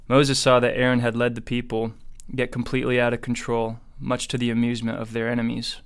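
Man reading scripture in a steady monotone. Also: mid-range voice, fairly quick, few pauses, clean tone. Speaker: Bible reader.

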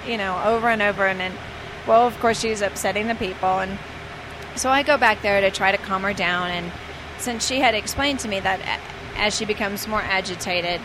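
A woman telling stories from her work as a flight attendant, chatty and loose, with plenty of ums and restarts. Her voice sits at an ordinary middle pitch. Clear noise runs behind her, with the sounds of traffic and the street. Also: normal speed. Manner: chatty, hesitant with many fillers. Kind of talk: casual storytelling.

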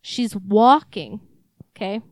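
A woman's voice: medium pitch, animated, takes it slowly, no room sound. A young woman co-hosting a podcast, rambling and swearing freely as she tells stories in casual chat. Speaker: podcast co-host.

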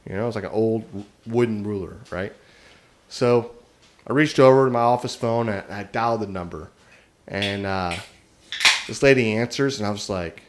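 A man's voice: on the low side, moderate pace. A man telling a long prank story in casual talk, rambling with many restarts and laughing at himself.

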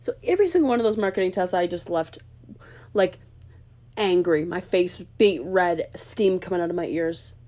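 A woman's voice: on the low side, expressive, normal speed, dark tone, highs cut off. A young woman, a college student ranting sarcastically on her vlog, full of "like" and rising exasperation. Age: young adult.

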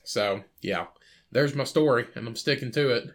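This time the podcast host speaks at normal speed in a mid-range voice. He's still casually chatting, telling a rambling, profane story in which he performs the other characters' parts.

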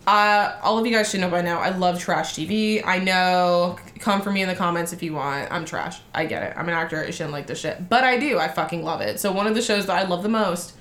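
A woman's voice: fairly low pitch, a little fast, few pauses, a bit bright. Profane gossipy woman in echoey room. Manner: profane, gossipy, acts out quotes. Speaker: podcast co-host. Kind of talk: casual chat, storytelling.

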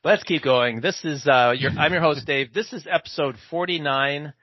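A man hosting a casual podcast, talking in a laid-back, somewhat flat way and laughing easily. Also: fairly high pitch, normal speed, no room sound, muffled recording. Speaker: podcast host.

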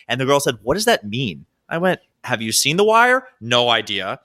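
A man from Baltimore co-hosting a podcast, telling animated stories in casual chat and acting out what people said, laughing often. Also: medium pitch, fast talker, hardly any pauses. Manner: animated storyteller, acts out quotes, laughs often. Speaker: podcast co-host.

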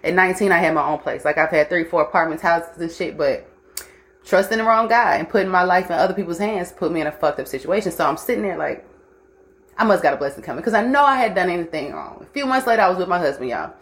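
A woman's voice: lowish voice, animated, quick pace, a bit bright. A young woman hosting a casual livestream, blunt and profane, mixing life lessons with frequent laughter. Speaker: host.

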